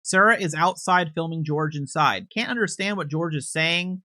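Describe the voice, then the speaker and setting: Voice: medium pitch, moderate pace, sharp tone, no echo, studio quality. A commentator casually recapping video footage in a conversational, hedging way, with frequent restarts and unsure asides.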